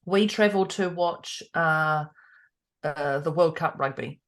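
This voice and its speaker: A woman chatting casually as a podcast co-host, telling a story with lively quoted dialogue and frequent laughter. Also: low-pitched, a little slow. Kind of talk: casual chat.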